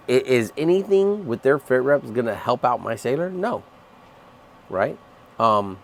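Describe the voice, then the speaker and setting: A man's voice: medium pitch, slight background noise. A man who is a Navy chief, ranting in a heated, profane vlog about his sailors. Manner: angry, profane, emphatic. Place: aboard a ship at sea.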